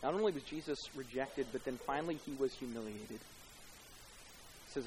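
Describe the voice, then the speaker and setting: A man preaching a sermon as pastor, swelling louder and slower on key points. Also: slight background noise, rough recording. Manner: rises in pitch and loudness for emphasis, slows on key words.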